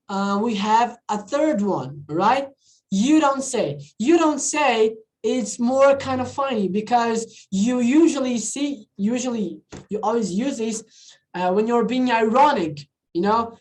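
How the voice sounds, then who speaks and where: A woman's voice: fairly high pitch, darkish tone, poor audio. A woman teaching an online English class in a chatty, casual way, often checking in with her students. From not from the country where she teaches. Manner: chatty, repeats "all right, guys?" and switches into Portuguese.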